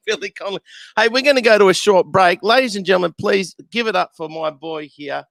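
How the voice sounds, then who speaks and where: A man's voice: sits high, fairly quick, a bit bright, no room sound. A man hosting a casual live show, laughing often and hesitating with many fillers. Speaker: talk show host. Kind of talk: casual chat.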